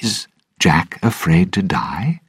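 A man's voice: low-pitched, expressive, slow pace, breathy edge, no echo, studio quality, pitched above the performer's own voice, full character voice. A man voicing an earnest, anxious young male sailor in a storybook reading, asking questions in a raised, worried tone. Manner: asking, nervous.

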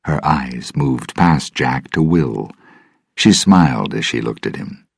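A man narrating a storybook in a measured, even reading. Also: rumbling low, vocal fry, breathy edge, no echo, clean studio sound.

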